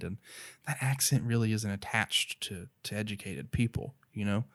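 A man's voice: lowish voice, steady tone, moderate pace. A man from North Carolina with an Appalachian accent, talking about faith in an earnest, rambling, casual way. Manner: earnest, rambling, many "you know" and "right".

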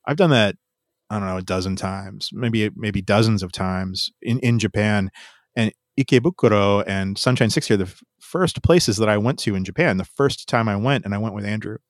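A man's voice: lowish voice, moderate pace, no room sound, clean studio sound. A man hosting a podcast, chatting candidly with restarts and frequent laughter. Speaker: podcast host. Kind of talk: casual chat.

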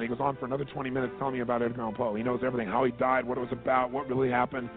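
A man, a motivational speaker, telling stories in an animated way and acting out the quotes. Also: medium pitch, rapid-fire, vocal fry, hardly any pauses. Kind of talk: storytelling talk. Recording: tinny phone-like line with faint music.

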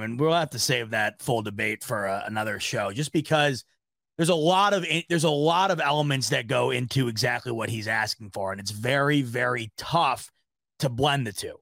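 A man hosting a sports podcast, chatting casually and telling stories in a rambling, animated way. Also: mid-range voice, gravelly, dry recording. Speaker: podcast host.

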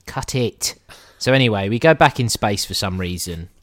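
Animated man in casual film chat. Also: lowish voice, normal speed, no echo, clean studio sound. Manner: laughs often, swears casually, rambling asides. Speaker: podcast co-host reviewing films.

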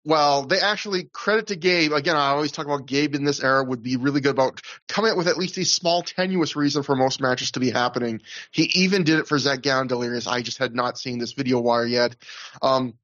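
A man's voice: mid-range voice, fast, a bit bright, muffled recording. A man hosting a casual podcast, rambling through a recap, often laughing and restarting his sentences. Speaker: podcast host.

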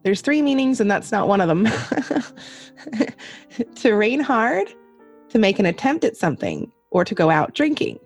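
A woman's voice: mid-range voice, very animated, moderate pace, pauses often. Woman, podcast host, casual chat, laughs a lot, swears, faint music underneath. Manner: laughs often, swears freely, playful.

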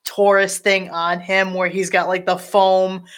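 A woman's voice: medium pitch, a little slow. A woman in casual chat, rambling through a film scene and acting out the characters' lines. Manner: rambling, animated, acts out quotes. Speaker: podcast co-host discussing a film.

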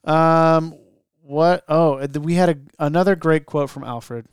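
Podcast host, man, very smooth clear voice, dry close sound, runs the segments. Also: fairly high pitch, fairly even intonation, measured pace, no room sound. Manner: steering the talk through segments. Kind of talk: casual podcast chat.

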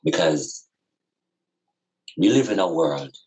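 A man's voice: extremely low pitch, lively intonation, slow, a little mellow, low-quality recording. A man talking as a guest over a video call, reasoning earnestly with impassioned, repetitive, preacherly emphasis. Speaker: podcast guest.

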